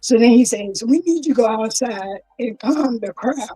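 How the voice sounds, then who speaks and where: A grieving woman recounts events in a plain, storytelling way, voicing the police officers' words herself. Her voice is slightly high yet mellow and dark. Faint music plays underneath. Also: moderate pace, hardly any pauses, husky, low-quality recording. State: grieving, voice rising with distress. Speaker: guest, grieving mother. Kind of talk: personal testimony in an interview.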